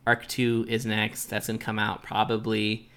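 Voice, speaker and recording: A man's voice: fairly low pitch, monotone, normal speed, fairly bright tone, smooth. A man hosting a podcast alone, speculating in a casual, loose way. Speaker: podcast host. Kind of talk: solo podcast commentary.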